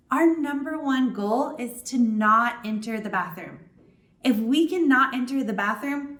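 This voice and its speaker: A woman giving a clear, step-by-step staff training talk, acting out small examples as she explains. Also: on the high side, reverberant. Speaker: children's ministry trainer. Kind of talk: instructional training video.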